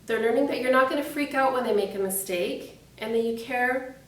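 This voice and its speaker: A fairly high-voiced woman hosts a parenting tips talk. She sounds friendly and encouraging and keeps asking the listener questions. Her voice echoes around the room and sits a little back from the mic. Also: brisk, distant mic, slight background noise. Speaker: parenting program host. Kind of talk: scripted parenting tip talk.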